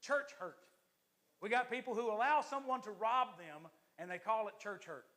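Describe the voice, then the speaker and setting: A man, an assistant pastor, preaching a lively, joking sermon to his church congregation. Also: sits high, moderate pace.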